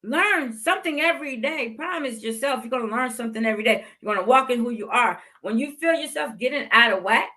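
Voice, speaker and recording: Fifties lady podcast host, heartfelt faith pep talk, high pitched, says stuff twice for emphasis. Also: lively intonation, fast, hardly any pauses, pushed and bright. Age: 50s. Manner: heartfelt, repeats phrases for emphasis.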